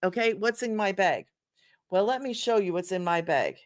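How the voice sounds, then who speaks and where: This is an older woman hosting a casual sales live stream, talking straight to her viewers. She chats, repeats herself, and thanks people by name at a middling pitch. The sound is close and dry, with no room echo. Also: lively intonation, moderate pace. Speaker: livestream host selling an online business program. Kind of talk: casual livestream sales talk.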